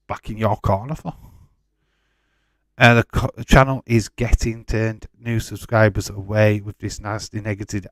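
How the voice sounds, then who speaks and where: Male stream host, 40s, defensive, addresses chatters by name, low voice, dry sound. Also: dry recording. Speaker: livestream host. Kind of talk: casual watch-along chat, answering live chat.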